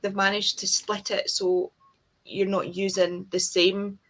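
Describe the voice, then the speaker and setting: A woman's voice: mid-range voice, flat delivery, measured pace, a bit bright. A woman chatting with friends, explaining things in a rambling, chatty way. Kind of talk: casual chat among friends.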